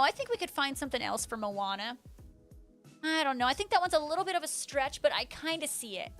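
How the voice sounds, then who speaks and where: A young woman with a high voice talks in a bubbly, chatty way on a live stream, answering her viewers as she goes. Faint music plays behind her. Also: lively intonation, fairly quick, a bit bright. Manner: bubbly, chatty, reads chat aloud. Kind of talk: casual live-stream chat.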